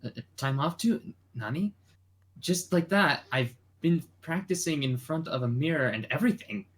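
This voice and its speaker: A man's voice: a little high, lively intonation, moderate pace, a bit bright. A man reading the part of a nervous young male student in a casual comic reading, earnest and flustered.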